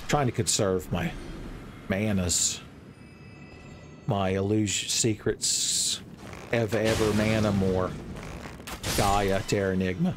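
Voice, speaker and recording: A young man giving playful, joking commentary over his own gameplay, breaking into loud exclamations. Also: fairly low pitch, fairly even intonation, slow, pauses often, background noise. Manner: playful, jokey, swings into loud shouted exclamations. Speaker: gaming video creator.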